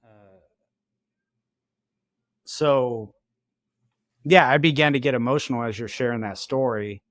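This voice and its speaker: A male podcast host talks in a reflective, soft-spoken way, sometimes a little choked up. His pitch is in the middle range. The recording is close and dry. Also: a little slow, no room sound. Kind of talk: casual interview chat.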